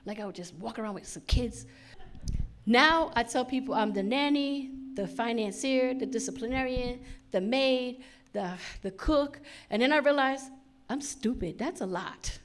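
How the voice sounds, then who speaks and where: A woman's voice: fairly high pitch, unhurried, slight background noise. A middle-aged woman performing a stand-up comedy set, chatty and punchy, acting out lots of quoted lines. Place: on stage at a comedy show.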